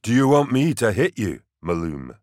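A man voicing a huge, brutish male soldier with a deep, growling voice and slow, flat menace. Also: dry recording, studio quality, lightly acted. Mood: menacing calm.

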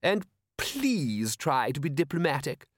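A man's voice: on the high side, very animated, a little slow, no echo, studio quality, pitched above the performer's own voice. A man voicing a bossy, affectionate upper-class wife who coaxes like a schoolmistress. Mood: coaxing bossy. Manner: coaxing, schoolmistress-like.

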